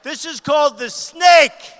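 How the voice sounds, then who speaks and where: A man giving a loud, emphatic rally speech to a big crowd, repeating short phrases. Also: measured pace. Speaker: political candidate at a rally. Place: large arena rally. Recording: booming reverb of a big arena.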